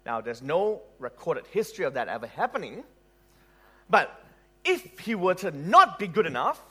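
Animated male preacher with a lively voice. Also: high voice, normal speed, husky. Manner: animated, rhetorical questions, laughs at own story. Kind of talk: sermon.

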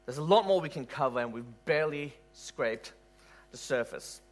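A man preaching a sermon in an animated way, asking rhetorical questions and laughing at his own stories. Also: fairly high pitch, moderate pace, soft background music.

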